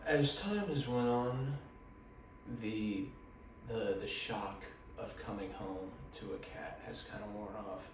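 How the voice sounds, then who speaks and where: A man chatting casually for his vlog, slow and unhurried, with a fairly low voice. He rambles with crude, deadpan jokes. He sounds far from the mic in a very echoey room with steady background noise. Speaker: vlogger.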